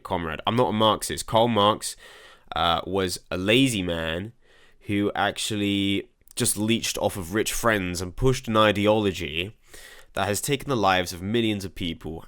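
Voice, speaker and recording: Reading viewer comments aloud, this English commentary-channel host answers in a hesitant way, frequently stumbling over repeated words as a sentence begins. He's young, with a lowish, slightly bright voice. His accent blends in a faint American and European flavor.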